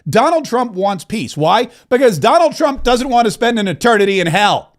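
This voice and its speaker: A man delivers a political talk monologue in a notably high voice. He is impassioned and opinionated, hammering points through repetition and rising to emphatic peaks. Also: very animated, moderate pace. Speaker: political talk show host.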